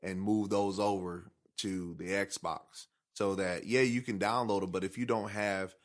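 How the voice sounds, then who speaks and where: A man co-hosting a casual studio chat, joking and animated, sometimes jumping into high mock voices. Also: a little slow. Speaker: podcast co-host.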